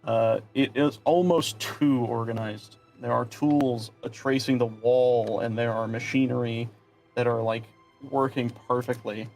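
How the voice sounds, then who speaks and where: A man's voice: mid-range voice, steady tone, a little slow, creaky, darkish tone, soft background music. A young man running a tabletop game as game master, narrating casually with fillers and restarts.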